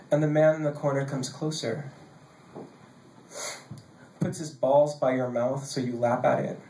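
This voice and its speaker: A man reading his own poems live on a stage mic, casual and joking between pieces and measured while reading. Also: medium pitch, darkish tone, a little hiss or hum. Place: basement bar venue, live. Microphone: handheld stage mic. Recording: echoey basement room.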